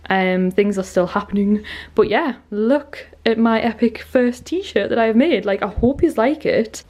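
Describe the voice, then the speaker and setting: A young woman with an English accent chatting excitedly to camera in a rambling vlog style, full of fillers. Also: medium pitch. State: out of breath. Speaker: vlogger. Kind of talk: casual vlog chat to camera.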